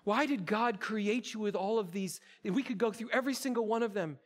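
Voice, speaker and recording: Guy preaching to his church, pretty high voice, jokey and chatty with the crowd. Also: a little fast. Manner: playful, interactive, addresses congregation directly. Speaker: campus pastor. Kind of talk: sermon. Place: church auditorium.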